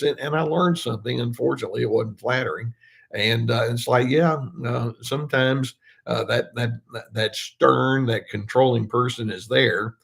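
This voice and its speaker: Gravelly older man, easygoing talk. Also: mid-range voice, moderate pace. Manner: relaxed, many fillers and restarts, acts out quoted lines. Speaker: therapist. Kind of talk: casual livestream Q&A talk.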